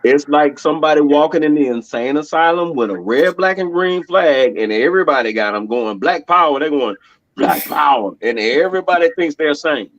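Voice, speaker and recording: Male guest, mid-pitched, animated storyteller; muffled, dry recording. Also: a little fast, hardly any pauses, no room sound. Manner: animated, laughing storyteller who acts out quotes. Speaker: podcast guest. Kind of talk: casual conversation. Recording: dull, dry lo-fi sound.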